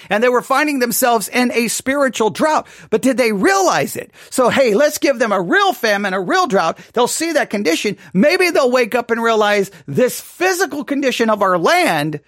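A man leads a Bible study in a casual, musing way and often stops to ask listeners questions. His pitch moves in a lively way. The sound is dry and close. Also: no echo. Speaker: study host. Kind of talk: conversational Bible study commentary.

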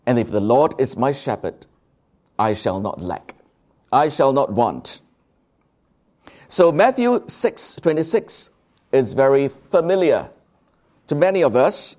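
A man preaching a sermon, slow and emphatic, drawing out key words. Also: medium pitch, sing-song, a little mellow.

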